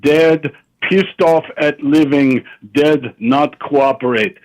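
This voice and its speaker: A man's voice: fairly high pitch, slow, low-quality recording. A man calling in and putting on a fake Russian accent, talking in clipped broken English and repeating himself. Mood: deadpan. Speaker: caller.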